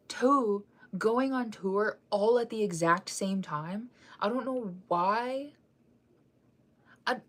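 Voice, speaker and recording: A young woman hosting a casual fan news chat, rambling with lots of fillers and restarts while she keeps yawning and sighing. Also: medium pitch.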